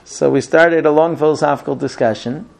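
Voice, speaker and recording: A man's voice: on the high side, steady tone, fairly quick, creaky, darkish tone. A middle-aged man giving a Torah class, telling stories emphatically with frequent restarts. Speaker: Torah teacher.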